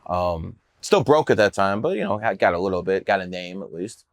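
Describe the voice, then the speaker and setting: On a podcast, a numerologist guest from the Cleveland area, USA, boasts about his career with plenty of profanity and brashness. His low-pitched voice has lively intonation and a brisk pace. It's casual storytelling, recorded at studio quality with no room sound.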